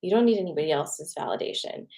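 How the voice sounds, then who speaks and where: A woman's voice: fairly low pitch, expressive, fast, warm tone. A woman hosting a casual card reading, chatty and encouraging, often checking in with okay and right. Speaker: tarot card reader and host.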